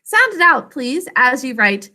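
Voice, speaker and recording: A woman teaching a spelling lesson to children over a video call, sounding out each syllable slowly and deliberately. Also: high voice, sing-song, bright, forceful tone.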